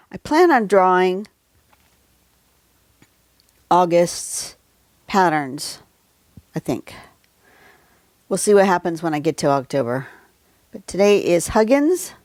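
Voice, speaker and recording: Here a drawing tutorial host with a lowish voice chats her way through a relaxed livestream lesson, rambling and drifting into asides. She records on a phone at home, though the audio is echo-free and studio quality.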